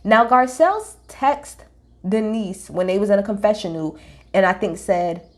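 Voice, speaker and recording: A woman's voice: mid-range voice, moderate pace. A woman giving a casual recap of a reality show, blunt, profane and full of opinions, talking straight to her viewers.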